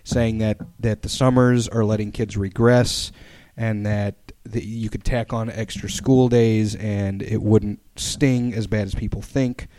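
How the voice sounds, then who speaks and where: A man's voice: fairly low pitch, unhurried, few pauses, no room sound. Dry-voiced joking man. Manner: joking, deadpan teasing. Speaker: podcast co-host. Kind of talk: casual chat.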